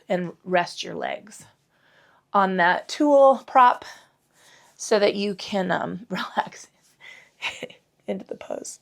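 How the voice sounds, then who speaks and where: This yoga teacher, a middle-aged woman, has a fairly low, creaky voice with a fairly bright tone. Teaching a casual class from home, she rambles, curses freely, and pokes fun at herself.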